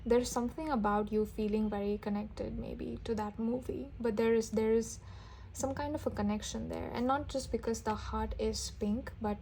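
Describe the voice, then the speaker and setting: Speaking directly to viewers in an intuitive tarot reading, a woman with a fairly high, creaky voice talks at a moderate pace, gentle and warmly excited. She keeps restarting sentences and slipping into soft exclamations, over a faint hiss in the recording.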